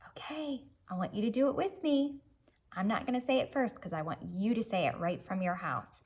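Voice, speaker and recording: Gravelly, husky-voiced woman teaching phonics. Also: medium pitch, animated, normal speed, darkish tone. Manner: cheerful, encouraging, sound-by-sound phonics prompts. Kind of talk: early reading lesson for children.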